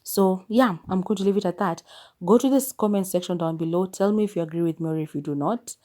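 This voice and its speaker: A woman's voice: fairly low pitch, quick pace, mellow. A Kenyan woman hosting a solo podcast, sharing her opinions in a candid, musing way. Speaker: podcast host.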